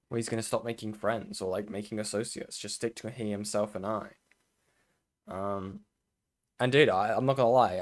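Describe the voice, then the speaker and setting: A man's voice: medium pitch, darkish tone. Exasperated swearing male streamer. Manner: blunt, swears often, exasperated asides, laughs. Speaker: commentary streamer. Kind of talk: casual reaction commentary.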